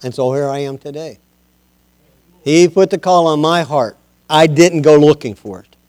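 A man preaching as pastor of his church, moving from low conversational talk to loud, impassioned exhortation. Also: normal speed, clean tone. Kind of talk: sermon.

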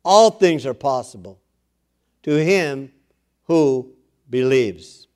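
A man's voice: mid-range voice, lively intonation, slow, darkish tone. A man preaching a sermon, earnest, with self-deprecating asides, rising in force when he exhorts.

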